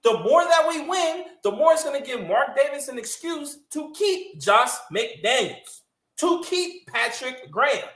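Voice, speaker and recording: A woman's voice: high voice, big pitch swings, unhurried, a bit bright. A woman co-hosting a sports podcast, ranting in a heated, emphatic way and cussing freely. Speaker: podcast co-host. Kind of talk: casual sports podcast rant. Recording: echoey room.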